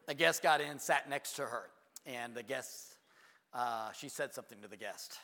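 A man preaching a sermon as pastor, telling a story with animated energy and acting out both sides of conversations. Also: mid-range voice, normal speed. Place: church sanctuary. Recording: long church hall reverb.

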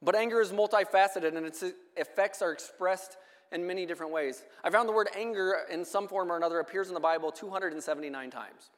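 Scripture is read aloud in a sermon by a high-voiced preacher who keeps a measured pace. The church hall around him lends his words a long, ringing echo.

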